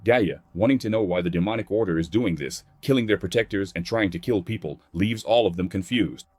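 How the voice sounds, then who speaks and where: A man's voice: low-pitched, a little fast, darkish tone, no room sound. A man narrating a comic recap in a plain scripted read, voicing characters' quotes in his own voice.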